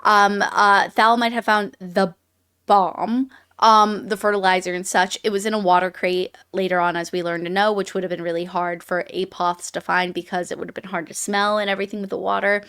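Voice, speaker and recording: A woman talks through a book plot in a thoughtful, halting way. She fills her pauses with ums and uhs, and she slows down when she tries to get a paraphrase right. She sounds relaxed and conversational. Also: mid-range voice, clean tone. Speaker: book podcast co-host. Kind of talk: casual book review chat.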